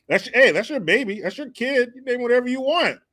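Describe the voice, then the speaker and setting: A man with a high, lively voice that swoops around as he hosts a rowdy commentary show. He laughs a lot, curses freely and mocks the people in the clips he reacts to. He talks into a home streaming mic. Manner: laughing often, mocking voices, cursing.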